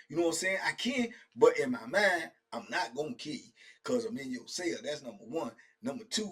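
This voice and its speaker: Middle-aged man, animated street storytelling. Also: a little high, brisk. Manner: lively, slangy, acts out the other people he quotes; keeps checking in with "right?" and "you know what I'm saying?". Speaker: host telling prison stories.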